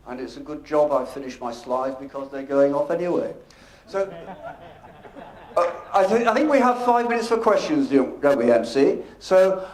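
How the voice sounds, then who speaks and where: A man speaks to a convention audience in a somewhat high voice, measured and emphatic, varying his loudness and pace. The microphone picks up the lively echo of a large function room. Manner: measured, emphatic delivery, varies volume and pace. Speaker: professional speaker presenting at a convention. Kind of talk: conference presentation. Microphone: handheld or stage microphone. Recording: echoey conference room.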